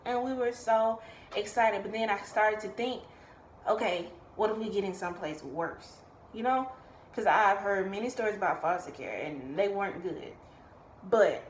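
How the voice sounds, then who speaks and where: A young woman, casually telling a personal story in a vlog and acting out what others said. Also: mid-range voice. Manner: animated, acts out quoted voices. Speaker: vlogger. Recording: echoey room, faint background noise.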